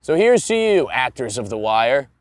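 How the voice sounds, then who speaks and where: A man putting on an overblown, drawn-out announcer voice, saluting someone in mock grandeur as a parody. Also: mid-range voice, very animated, no echo, natural voice. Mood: mock-heroic.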